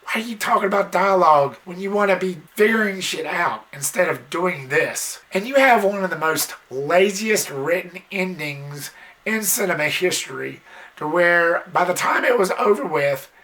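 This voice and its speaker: Fed-up film reviewer ranting away casual, blunt, bit of swearing, jumps into squeaky impressions now and then. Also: expressive, moderate pace, fairly bright tone. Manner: mimics characters in sudden high squeals. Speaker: movie reviewer.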